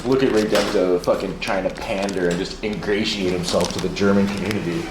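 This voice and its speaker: A man streaming from home, chatting casually, excitable and profane, rambling from one thing to the next. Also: deep voice, brisk, roomy sound, heavy background noise. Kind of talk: casual livestream chat.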